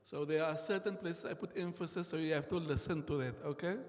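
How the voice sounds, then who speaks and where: A man's voice: fairly high pitch, steady tone, fairly quick. A man teaching a live class on reciting scripture, guiding students patiently and repeating lines for them to copy. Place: mosque prayer hall. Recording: long hall reverb from livestream.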